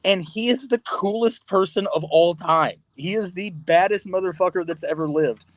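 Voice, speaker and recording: A man, a guest on a podcast, tells a story in a casual, animated way, laughing often and swearing freely. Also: sits high, moderate pace, no echo. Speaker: podcast guest, pro wrestler. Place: podcast studio.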